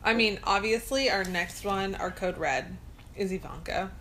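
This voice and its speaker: A woman's voice: medium pitch, normal speed, a bit bright, a little hiss or hum, rough recording. A woman co-hosting a casual podcast, chatty and teasing, laughing often. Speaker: podcast co-host. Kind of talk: casual chat.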